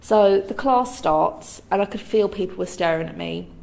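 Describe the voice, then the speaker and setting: A young woman telling her own story to camera in a lively way, acting out what other people said. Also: medium pitch, moderate pace, gravelly. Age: young adult.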